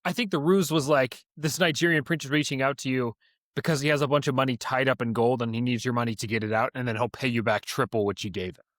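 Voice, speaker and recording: Young dude podcast cohost telling stories, does little voices for quotes, dry close sound. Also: male voice, mid-range voice, steady tone, quick pace, fairly bright tone, dry recording. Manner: storytelling, acts out quoted voices. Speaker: podcast co-host. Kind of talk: casual chat.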